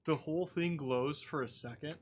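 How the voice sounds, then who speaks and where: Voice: medium pitch, normal speed, slight background noise. A game master narrating a tabletop role-playing game in a casual, descriptive way.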